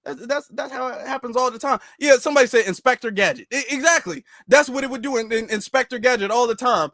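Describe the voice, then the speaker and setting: A man hosts a commentary rant, repeating himself as he spins long, animated stories. His voice is fairly high, recorded close and completely dry. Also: fast talker, hardly any pauses, dry recording. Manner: animated, repetitive, storytelling. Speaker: commentary channel host. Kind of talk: ranting commentary.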